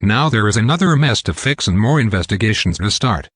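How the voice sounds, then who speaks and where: A synthetic male text-to-speech voice voicing a weary, stern military colonel in a storybook reading, with a flat delivery. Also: on the low side, a little fast, husky, no room sound, clean studio sound. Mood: irritated.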